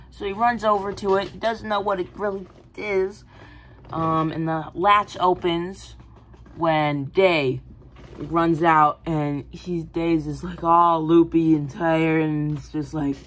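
A woman casually pitching a film idea, rambling with many fillers and giggly asides. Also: fairly even intonation, slow, a little hiss or hum, poor audio. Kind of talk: casual movie-pitch chat.

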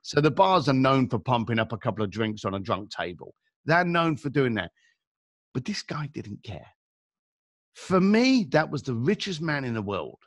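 A middle-aged man with a London accent tells a story as a podcast guest, acting out each person in it with lively swings of pitch. His voice has a gravelly edge, and the recording is close and dry. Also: normal speed, no echo. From England. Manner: animated storyteller acting out dialogue.

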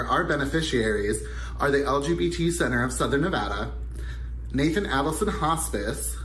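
A man's voice: a little high, fairly bright tone. A man giving an upbeat, prepared video greeting. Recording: echoey room, faint background noise.

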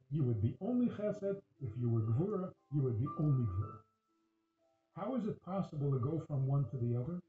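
A man giving a Torah class, questioning his listeners and often laughing. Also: fairly high pitch. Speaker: religious teacher. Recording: echoey tinny phone-like recording.

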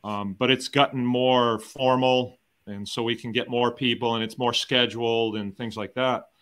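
A man's voice: medium pitch, steady tone, moderate pace, fairly bright tone, smooth. A middle-aged American man in a round-table chat, talking in an emphatic, conversational way. He often asks rhetorical questions and repeats or restarts his words as he thinks aloud. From United States. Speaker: guest farmer and educator.

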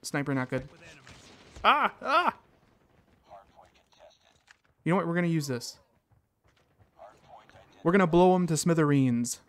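A man hosting a gaming channel, giving casual commentary on his own match with excited reactions and playful catchphrases. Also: a little high, normal speed, clear, resonant tone.

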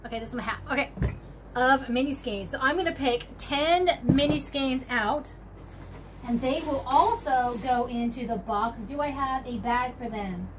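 A chatty woman with a high, bright voice rambles happily to her viewers, full of little exclamations as she rummages through things. A faint hiss of background noise sits under her talk. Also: moderate pace. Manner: chatty, bubbly, talks to viewers while rummaging. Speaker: crochet channel host. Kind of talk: casual show-and-tell vlog.

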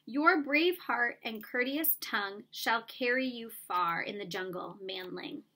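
Woman doing big calm python, slow quiet authority, storybook. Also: a little high, heavily acted. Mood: measured. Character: huge python, calm, commanding and dangerous. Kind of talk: storybook reading.

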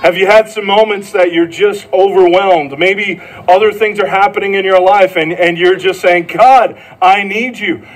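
Earnest man preaching, fairly high voice. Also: steady tone, normal speed, few pauses, rough recording. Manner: earnest, repeats phrases, asks the congregation questions. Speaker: pastor. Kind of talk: sermon.

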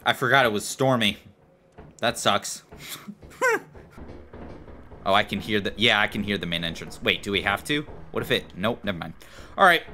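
A man hosting gameplay in voice chat, excitable and jokey, swearing often. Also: fairly low pitch, moderate pace, long pauses, slight background noise. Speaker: gameplay video host. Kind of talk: gaming voice chat.

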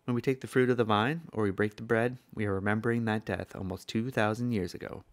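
A man's voice: lowish voice, steady tone, quick pace. An older man from the States, preaching a sermon in an earnest storytelling manner. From southern United States. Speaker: evangelist preacher.

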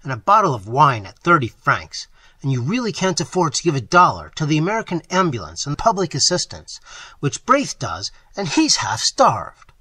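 Man voicing angry young artist, loud threatening storybook voice, sweeping pitch, slightly husky. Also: expressive, moderate pace, no echo. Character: angry young male artist, fierce and scornful.

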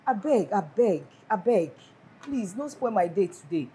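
A woman's voice: medium pitch, big pitch swings, measured pace, dark tone, rough recording. An actress with a Nigerian accent playing a frustrated married woman who complains dramatically about her husband. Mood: complaining. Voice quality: repeats herself, mixes in Pidgin. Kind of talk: Nollywood film acting.

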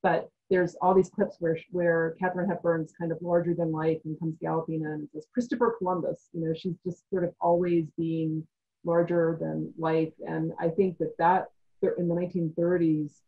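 A woman on a discussion panel, talking in a measured academic way and thinking aloud with frequent pauses. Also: sits low, flat delivery, breathy edge, narrow, tinny audio.

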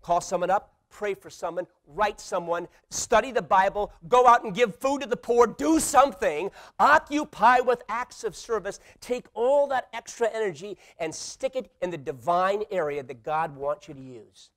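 Preaching at a moderate pace with few pauses, a high-pitched middle-aged pastor alternates soft asides with booming, emphatic calls. He playfully performs the voices of those he quotes.

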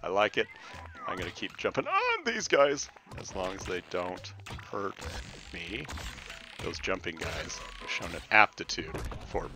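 A young man giving casual let's-play commentary, talking to the game's creatures and swinging between loud outbursts and mumbling. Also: deep voice, noisy background. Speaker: gameplay commentator. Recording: game music behind the voice.

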